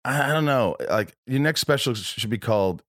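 A man's voice: mid-range voice, expressive, a little fast, a bit bright, no echo, studio quality. A man hosting a podcast in casual chat, rambling and profane with many restarts. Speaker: podcast host.

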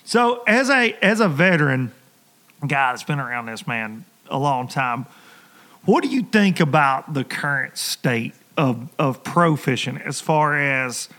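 A man's voice: medium pitch, expressive, a little slow, bright, forceful tone. A man with a Tennessee Southern accent hosting a casual chat, laid-back and telling stories, saying "dude" and "like" often. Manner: laid-back, storytelling, says dude and like a lot. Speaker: podcast host.

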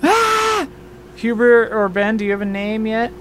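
A relaxed player laughs often while sorting out characters for a tabletop game, voice at a middling pitch. A faint hum and hiss sit behind. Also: fairly quick. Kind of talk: casual chat setting up a tabletop game.

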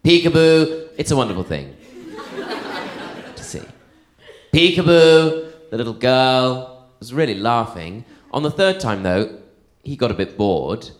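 A man's voice: medium pitch, expressive, a little slow, reverberant. A man performing stand-up, telling a playful, digressive story in a theatrical way. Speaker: stand-up comedian.

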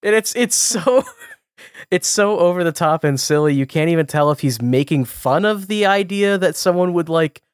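This co-host has a rather high, expressive voice and a moderate pace, captured in studio quality with a clean tone and no echo. His casual podcast chat rambles, packed with fillers and restarts, and he laughs often.

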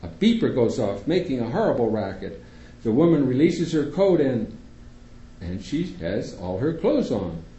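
A man reading a first-person story aloud to an audience in a theater, steady and measured. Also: mid-range voice. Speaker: reader at a public reading. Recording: echoey room, dull lo-fi sound.

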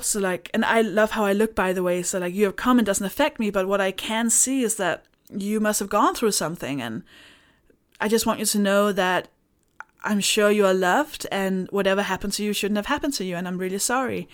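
A woman's voice: medium pitch, moderate pace. A woman, a podcast guest, talking candidly in a casual chat with a dry, sardonic edge. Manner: candid, dry and sardonic, laughing through stories.

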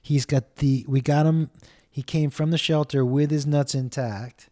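A middle-aged man hosting a casual comedy podcast, telling stories in an animated way, acting out the people he quotes, swearing often. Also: a little high, measured pace. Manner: animated storytelling, acts out quotes, swears, talks to his dog.

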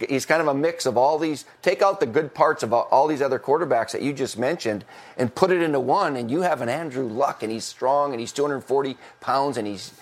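A middle-aged former football coach chatting on a podcast, talkative, laughing often and restarting his sentences. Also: mid-range voice. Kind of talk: casual podcast chat.

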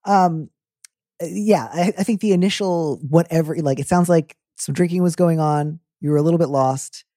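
A man's voice: a little high, warm tone, dry recording, clean studio sound. A man hosting an advice show in a casual, joking chat. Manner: playful, joking, quick asides. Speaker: advice podcast host.

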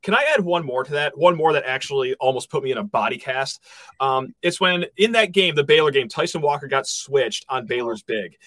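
A man hosting a casual sports podcast, joking and laughing as he talks through the year's highlights. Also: no room sound. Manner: joking, quick laughs, animated. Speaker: podcast host.

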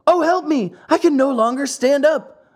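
A man voicing a frightened young boy in a storybook reading, crying out in a high, panicky voice. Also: moderate pace, a little mellow. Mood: panicked. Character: scared young boy turning into a donkey.

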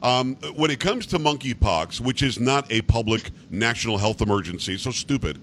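A man hosts a talk show in a blunt, halting way. His voice sits at an ordinary middle pitch, with a faint hiss behind it. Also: expressive, fairly bright tone. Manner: plainspoken, stop-start phrasing. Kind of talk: casual chat.

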